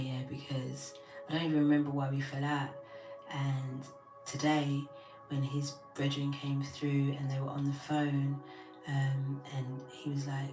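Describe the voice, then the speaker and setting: A woman talks to her live viewers in a relaxed, rambling way, her voice sitting low. She sounds a little distant in an echoey room, with faint music underneath. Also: measured pace. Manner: chatty storytelling, greeting viewers as she talks. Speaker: tarot reader and host. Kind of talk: casual chat to live viewers.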